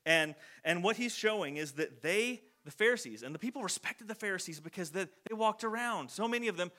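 Animated high-voiced man preaching casually. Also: a little fast. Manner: animated, acts out quotes in voices, many "like" fillers. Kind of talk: casual conversational sermon.

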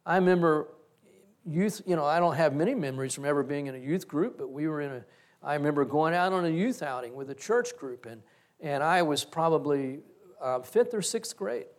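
A middle-aged male pastor giving a reflective, story-driven sermon. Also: a little high.

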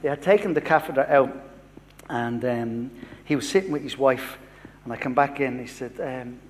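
A man's voice: mid-range voice, moderate pace, big-room sound, a little hiss or hum. A man in his fifties, a pastor, preaching a sermon built on a personal story and acting out the dialogue.

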